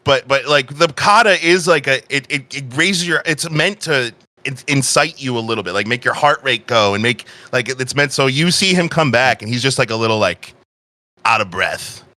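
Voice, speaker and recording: Brief: man, bright tense tone, halting game-master narration, dry mic. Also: mid-range voice, animated, dry recording.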